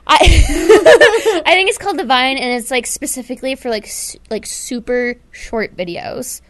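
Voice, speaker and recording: A woman's voice: sits high, a little slow. A woman co-hosting a casual web talk show, chatting and giggling often, with lots of "like" fillers. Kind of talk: casual chat.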